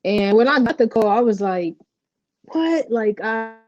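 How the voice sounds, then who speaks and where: Young woman from Puerto Rico, interview guest, candid storytelling, dark dull dry sound. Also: a little high, normal speed, no room sound. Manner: candid, animated storytelling with many fillers. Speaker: interview guest, professional basketball player. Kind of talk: casual interview conversation.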